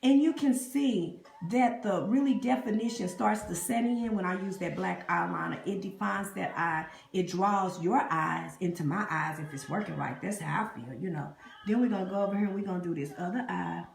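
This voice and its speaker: A woman talks her live viewers through a makeup tutorial, greeting them by name as she works. Her voice has a gravelly fry, and the phone mic picks up an echoey room. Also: on the low side, normal speed. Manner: chatty, greets live viewers, calls them y'all and honey. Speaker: beauty vlogger. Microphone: phone camera up close.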